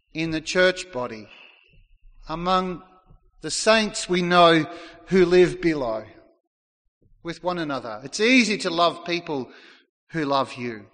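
Male pastor, high bright voice, earnest sermon delivery, big hall echo. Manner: earnest preaching, acts out quoted lines. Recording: long hall reverb.

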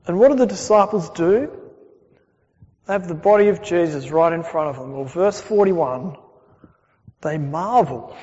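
A man's voice: high-pitched, darkish tone. A young man preaching a conversational sermon, with many fillers and questions to the congregation. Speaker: pastor. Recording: dull sound in a hall with long reverb.

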